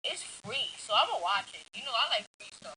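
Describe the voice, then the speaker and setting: A woman's voice: on the high side, very animated, fairly quick, pushed and bright, slight background noise, poor audio. A woman co-hosting a casual podcast, playful and teasing. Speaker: podcast co-host.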